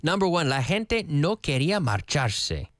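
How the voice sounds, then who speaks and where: Animated male teacher, lively pitch. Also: moderate pace. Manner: animated, playful, switches between English and Spanish. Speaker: English teacher. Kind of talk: lively TV English lesson.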